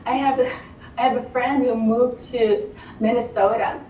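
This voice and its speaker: A middle-aged woman giving an animated, conversational talk to a live audience, often repeating words and asking rhetorical questions. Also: fairly high pitch, a little slow. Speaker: lecturer speaking to a live audience. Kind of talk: conversational presentation. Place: meeting room with an audience. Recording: roomy hall, distant mic, faint room noise.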